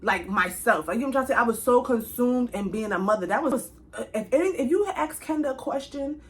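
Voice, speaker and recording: A young woman telling a casual storytime straight to her viewers, chatty and animated, with speech. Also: a little high, quick pace. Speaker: vlogger.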